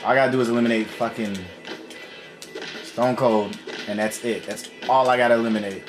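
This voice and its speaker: Gamer man, casual let's-play talk, cursing in constant frustration, loud game music underneath. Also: medium pitch, steady tone, fairly quick. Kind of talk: casual gameplay commentary.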